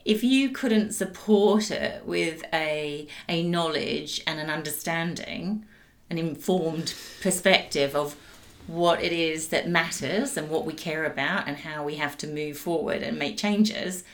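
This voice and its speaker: A woman's voice: low voice, takes it slowly. A middle-aged woman from Australia, a podcast guest, talking earnestly and reflectively about raising her daughter. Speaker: guest, the host's mother. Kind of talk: casual conversation.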